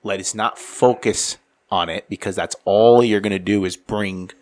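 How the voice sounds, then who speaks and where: A man's voice: fairly low pitch, normal speed. A man co-hosting a casual podcast, joking and swearing as he acts out his own thoughts. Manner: profane, jokey, animated storyteller who reenacts his own thoughts. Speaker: podcast co-host.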